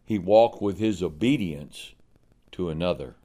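A man's voice: low voice, animated, measured pace, warm tone. A man preaching a sermon. He asks the congregation pointed questions and acts out the figures of scripture. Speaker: pastor.

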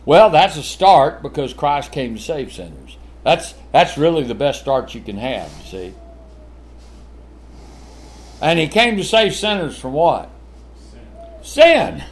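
An older man preaching a sermon, animated and full of rhetorical questions, with chuckling asides. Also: medium pitch, takes it slowly, pauses often.

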